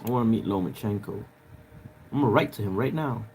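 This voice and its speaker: A man's voice: lowish voice, fairly quick, gravelly, dark tone, slight background noise. Rambling man chatting on a livestream. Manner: rambling, talks straight to viewers in chat; loose and profane, lots of filler. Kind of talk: casual livestream chat.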